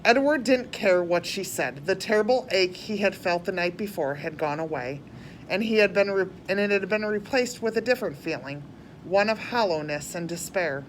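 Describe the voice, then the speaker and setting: A woman reading a storybook aloud chapter by chapter, plain and unhurried with small slips and restarts. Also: lowish voice, a little hiss or hum. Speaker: reader.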